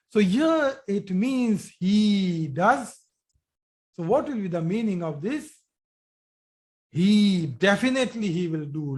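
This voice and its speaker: A teacher giving a live online grammar lesson, explaining slowly and repeating forms, checking with students by asking questions. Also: female voice, medium pitch, lively intonation, a little mellow. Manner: slow, repetitive explaining, asks students questions.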